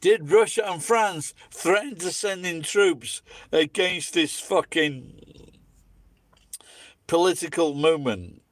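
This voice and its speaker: Sweary Scottish man, fairly high voice. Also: takes it slowly, no room sound. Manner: blunt, heavily profane, opinionated. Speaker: vlogger. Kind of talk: casual ranting monologue.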